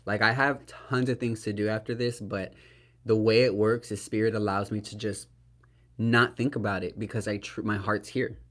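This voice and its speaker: A man's voice: fairly low pitch, fairly even intonation, normal speed, fairly bright tone. A man giving a solo tarot reading to the camera. He is earnest and emotional, speaks to viewers as "y'all", often asks "right?" and talks in spiritual terms. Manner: spiritual, invokes Spirit and archangels. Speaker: tarot reader.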